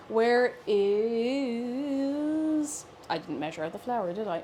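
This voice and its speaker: A woman's voice: on the high side, lively intonation, a little slow, darkish tone, faint music behind. A woman cooking on a live stream, chatting playfully with her viewers as she works. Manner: chatty, playful, talks to chat while cooking. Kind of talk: casual cooking stream chat.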